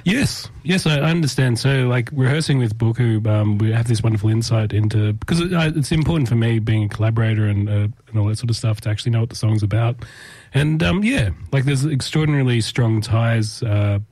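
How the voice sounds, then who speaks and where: Fast-talking Australian male musician. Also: mid-range voice, a little mellow, husky, dry recording. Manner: thoughtful, hesitant, many fillers. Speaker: musician guest. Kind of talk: casual interview.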